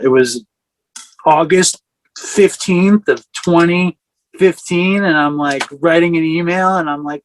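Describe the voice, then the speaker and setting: Man, forties, raised pitch, dry close sound, candid storytelling, rambling with fillers, video call. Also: fairly bright tone, no room sound, rough recording. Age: 40s. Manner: rambling, self-correcting, with frequent fillers. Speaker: speaker sharing a recovery story.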